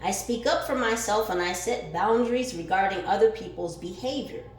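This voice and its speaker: A woman giving a spiritual card reading who swings between calm, musing questions and loud, fired-up exclaiming, reading affirmations aloud and swearing casually. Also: mid-range voice, normal speed. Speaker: tarot reader. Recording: echoey room with faint music behind.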